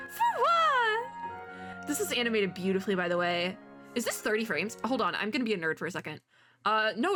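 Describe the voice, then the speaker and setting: Woman, bright tone, animated pitch, excitable, chatty reaction commentary. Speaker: VTuber reacting to an animated short. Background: faint music from the video.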